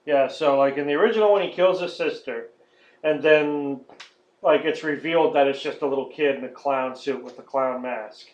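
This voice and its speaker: A man with a voice on the high side and a moderate pace hosts a podcast, recorded in an echoey lo-fi room. He rants in casual chat, swearing frequently and doing mocking impressions.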